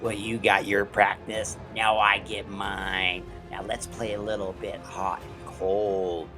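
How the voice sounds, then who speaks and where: A man putting on a slow menacing phone killer. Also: on the low side, flat delivery, over music, pitched below the performer's own voice. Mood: taunting. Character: menacing masked male killer taunting by phone.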